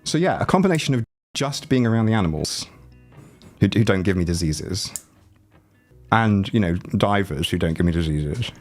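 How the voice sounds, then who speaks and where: A man with a fairly low voice made rattly by a chest cold talks into a desk mic at home. He rambles and jokes with his livestream audience in a relaxed, chatty way. Faint music plays quietly behind him. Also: moderate pace. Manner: rambling, joking, chats with viewers. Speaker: livestreaming YouTuber. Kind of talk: casual livestream chat. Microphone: desk mic, no headphones.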